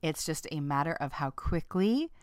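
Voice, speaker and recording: Lively, playful woman host, clear and dry. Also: normal speed, no echo. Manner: laughs often, playful and frank; acts out quoted lines with sudden pitch jumps. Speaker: podcast host. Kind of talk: casual self-help talk to listeners.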